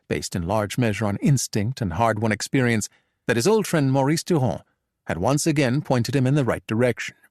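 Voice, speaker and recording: Man, audiobook narration, measured even delivery, mid pitch, dry close recording. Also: dry recording.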